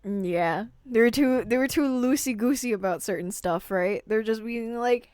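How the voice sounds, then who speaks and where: A woman's voice: on the high side, normal speed, few pauses, a little mellow, smooth, no room sound, studio quality. A woman streaming herself as she reacts to a movie, chatting casually, rambling, and often repeating words as she trails off. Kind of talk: casual live-stream commentary.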